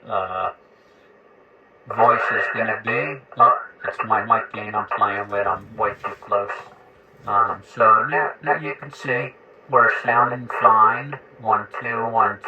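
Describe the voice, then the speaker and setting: A man's voice: lowish voice, gravelly, lo-fi sound. A man casually demonstrating a radio, talking through his settings and counting test words into the mic. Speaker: radio equipment reviewer. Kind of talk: casual demo talk.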